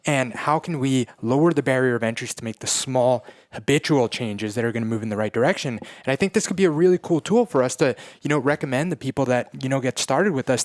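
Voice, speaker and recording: A man's voice: medium pitch, dry recording, clean studio sound. A man co-hosting a podcast, speaking in an earnest, conversational way. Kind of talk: casual podcast chat.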